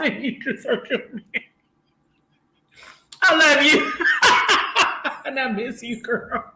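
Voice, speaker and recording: A woman's voice: high-pitched, takes it slowly, long pauses, background noise. A woman hosting a casual live stream from home, chatting with viewers, laughing often and greeting them by name. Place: home room, lights turned down. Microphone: camera mic. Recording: echoey room.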